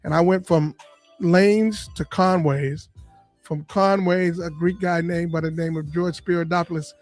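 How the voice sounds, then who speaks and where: A comedian in a podcast interview, a man with a high voice, walks through his past in a lively storytelling style. He acts out the voices of the people he talks about. Faint music plays under his voice. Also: unhurried. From Boston area. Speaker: comedian and radio personality guest. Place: podcast studio.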